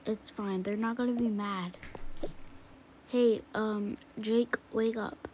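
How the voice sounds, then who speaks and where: A woman playing a mother in a home-made family skit, talking softly and reassuringly, often half-whispered. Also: medium pitch, fairly even intonation, slow. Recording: noisy home recording.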